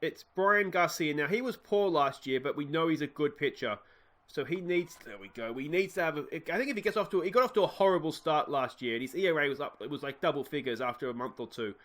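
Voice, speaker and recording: A man's voice: fairly high pitch, lively intonation, fast, a bit bright. Chatty Australian man calling a game. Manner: chatty, wry asides to the players. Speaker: let's play host. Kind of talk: casual game commentary.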